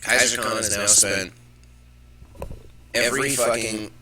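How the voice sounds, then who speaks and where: A man's voice: fairly low pitch, steady tone, a little slow, a crowd in the background, rough recording. A man hosting a live show, ranting with profanity and irritation about the news. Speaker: host. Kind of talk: live political commentary.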